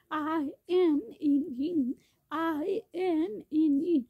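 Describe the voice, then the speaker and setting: A woman's voice: very high-pitched, drawn-out words, no echo. A woman in a rambling sung-spoken monologue, repeating each phrase again and again. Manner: repetitive, chanting phrases over and over. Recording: tinny phone-like dry recording.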